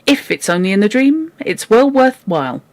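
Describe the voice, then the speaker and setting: Brisk, self-assured household cook, firm and raised in pitch, read aloud by the host. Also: sing-song, natural voice. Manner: firm, undoubting.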